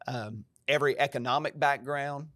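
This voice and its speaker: A man's voice: mid-range voice, fairly even intonation, normal speed, a bit bright, no room sound, clean studio sound. A male pastor with an American country twang, talking earnestly and emphatically on a podcast in a preacher-like way. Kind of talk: podcast conversation.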